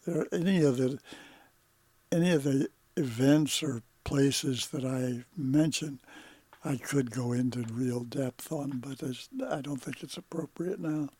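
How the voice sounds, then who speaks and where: A man in his eighties, a podcast guest in casual conversation, talking slowly with halting, trailing sentences and sounding tired. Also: medium pitch, darkish tone, slightly rough, dry recording. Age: 80s.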